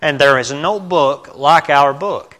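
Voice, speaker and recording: Earnest middle-aged preacher, bright voice. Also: male voice, on the high side. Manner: earnest, halting, self-correcting, with sudden loud bursts. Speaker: lay preacher. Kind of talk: informal sermon.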